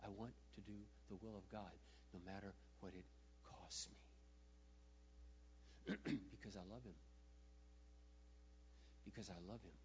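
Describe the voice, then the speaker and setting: A man preaching a sermon as a pastor, swinging between hushed, tender passages and loud, impassioned outbursts. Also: fairly low pitch, steady tone, measured pace, pauses often, a little hiss or hum. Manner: emotional, swings from hushed to shouting. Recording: muffled, with a long hall echo.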